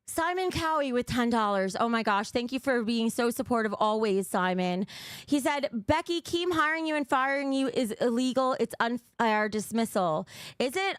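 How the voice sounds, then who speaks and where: A woman's voice: fairly high pitch, clean tone, no echo, studio quality. Blunt, profane woman livestreamer. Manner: blunt and profane, reads out donations. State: out of breath. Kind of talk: casual livestream chat.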